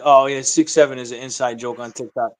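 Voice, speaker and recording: A man's voice: medium pitch, fairly even intonation, a little fast, a loud crowd. A man with a Massachusetts accent, a rapper guest in a casual interview, joking and laid-back as he rambles. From Massachusetts, USA.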